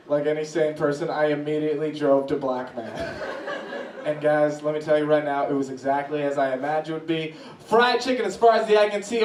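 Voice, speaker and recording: A man doing stand-up, telling a story with lively swings in his voice as he acts out reactions. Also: noisy background. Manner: animated, voices swing high when acting out reactions. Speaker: stand-up comedian. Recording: echoey room from a distance.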